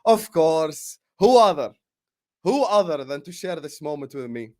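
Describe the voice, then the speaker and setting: A man's voice: fairly high pitch, very animated, measured pace, warm tone. Young man, mock-mournful. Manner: mock-dramatic, repetitive. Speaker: football channel host. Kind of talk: casual fan podcast chat.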